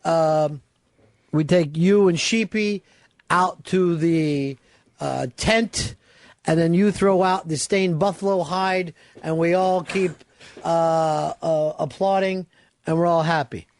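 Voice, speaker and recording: A man's voice: fairly high pitch, fairly even intonation, takes it slowly, no room sound. A man hosting a radio talk show, bossy and brash, swearing freely as he plans a stunt. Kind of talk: casual radio banter.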